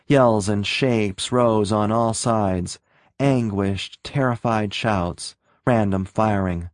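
An audiobook narrator, male, reads a scripted story at a steady, measured pace. His voice sits on the low side, and the studio recording is clean with no echo.

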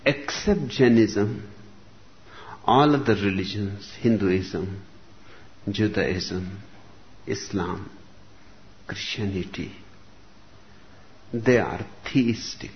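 A man delivers a spiritual discourse at an unhurried, measured crawl, leaving long pauses between phrases. His voice sits somewhat low. The recording is dull and lo-fi, with a faint hiss of ambience behind him. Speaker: spiritual teacher. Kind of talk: slow reflective discourse.

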